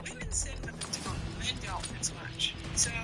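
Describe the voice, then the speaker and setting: A man's voice: very high-pitched, wildly swooping pitch, moderate pace, over music. A man live-streaming, giving opinionated casual commentary while he plays a game. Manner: opinionated, talks while gaming.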